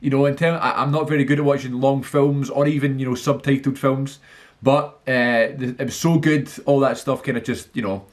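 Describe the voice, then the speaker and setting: A man in a casual vlog who chats eagerly and rambles, full of fillers and restarts. His pitch sits in an ordinary middle range. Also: steady tone, fairly quick. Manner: enthusiastic. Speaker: film vlogger. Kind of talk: casual movie list monologue.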